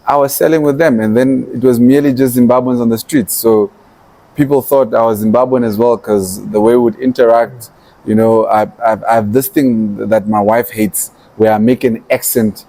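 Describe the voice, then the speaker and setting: A man talks through his story as a podcast guest, his voice mellow and warm. He tells it with animation, slipping into quoted lines of what he once thought or said. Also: medium pitch, steady tone, moderate pace. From Namibia. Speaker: entrepreneur and activist guest.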